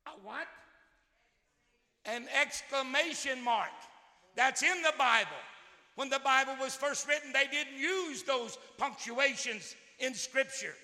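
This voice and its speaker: A man preaches in a very high, piercing, sharp voice. Long reverb trails off each phrase in a big hall. He drops to near-murmurs, then bursts into shouts, and he repeats words as he goes. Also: measured pace. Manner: swings from quiet musing to shouted outbursts. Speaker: pastor. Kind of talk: sermon.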